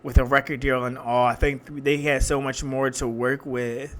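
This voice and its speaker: A man's voice: medium pitch, level tone, normal speed, a bit bright. A man from Philadelphia with a Philly accent, reviewing a TV finale in casual, emphatic chat and talking straight to his viewers. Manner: chatty and emphatic, addressing viewers as y'all. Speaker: reaction vlogger.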